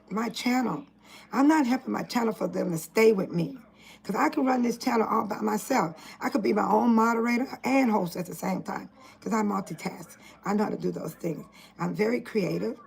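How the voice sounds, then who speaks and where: A woman's voice: medium pitch, vocal fry, rough recording. An older woman from Illinois talking earnestly at home in a casual vlog, preaching with emphatic repetition. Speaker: vlogger.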